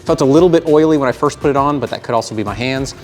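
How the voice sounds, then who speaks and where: A man's voice: medium pitch, racing, darkish tone, soft background music. A man co-hosting a climbing video, chatting casually and joking, breathing heavily as he talks. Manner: playful, jokey, breathes heavily. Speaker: climbing channel co-host. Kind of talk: casual chat.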